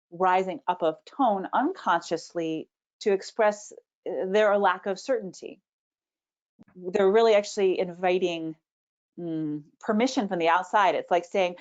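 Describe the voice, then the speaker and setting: A woman who coaches public speaking, answering questions on a webinar with a confident, animated delivery and playing with her intonation. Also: mid-range voice. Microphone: video call. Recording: slightly dull video-call audio.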